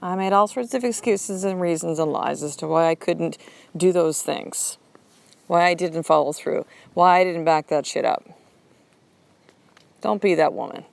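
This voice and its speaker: A woman's voice: medium pitch, vocal fry, no room sound. A woman hosting a motivational podcast, talking bluntly and emphatically and swearing freely. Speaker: podcast host.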